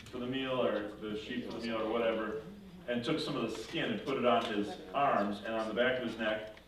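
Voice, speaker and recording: A man teaching a confirmation class, retelling a story in a lively way, acting out the characters and correcting himself as he goes. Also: mid-range voice. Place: church classroom. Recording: echoey room from far off with faint noise.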